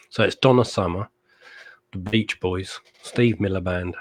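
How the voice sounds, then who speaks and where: A man co-hosting a live stream in a casual chat, talking in quick bursts with jokey asides. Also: low-pitched. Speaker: co-host.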